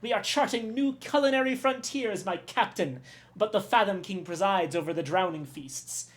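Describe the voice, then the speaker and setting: A woman's voice: medium pitch, normal speed, natural voice. A woman voicing an eager, grandiose male ship's chef in a game, with a put-on French accent and theatrical delivery. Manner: theatrical, exclaiming.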